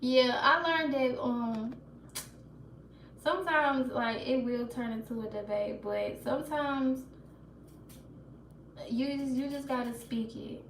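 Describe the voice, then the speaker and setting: Her voice is high-pitched and slow with long pauses as she hosts a casual livestream, chatting with viewers and laughing nervously, often starting over. The recording carries roomy echo, faint ambience and a little hiss or hum, with the mic a bit far.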